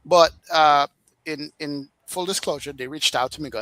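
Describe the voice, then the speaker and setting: A man with a Jamaican accent, a flight sim streamer telling stories in casual podcast chat, animated and laughing often. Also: on the high side, normal speed, dry recording, rough recording.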